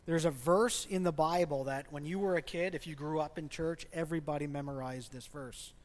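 A man's voice: a little high, a little fast. A man preaching a sermon as a pastor in a church, speaking conversationally and asking the congregation questions. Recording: long reverb of a large hall.

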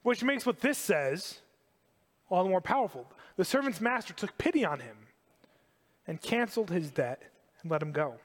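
A man preaching a sermon to a congregation, animated and emphatic, repeating key phrases. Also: sits high, normal speed, long reverb tail. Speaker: pastor.

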